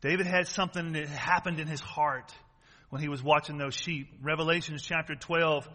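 A man's voice: fairly high pitch, fairly even intonation, normal speed, bright, forceful tone. A man preaching a sermon, emphatic and repetitive, calling out to his congregation. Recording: reverberant hall.

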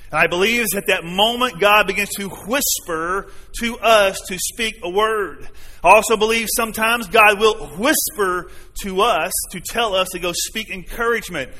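Male pastor, sermon, earnest, talks with the congregation, high voice, echoing church hall. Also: sharp tone. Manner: earnest, conversational, asks the congregation questions. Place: church sanctuary. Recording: long hall reverb.

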